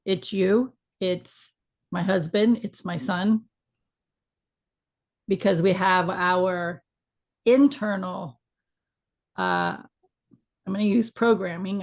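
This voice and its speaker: A middle-aged woman co-hosting a casual spiritual chat, talking in a frank, reflective way with some mild swearing. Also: medium pitch. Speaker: podcast co-host.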